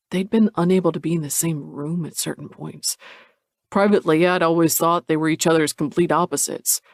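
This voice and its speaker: A man reading a romance audiobook in the first person, measured and introspective. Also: fairly high pitch, steady tone, gravelly, no room sound, studio quality. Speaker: audiobook narrator. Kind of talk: first-person scripted narration.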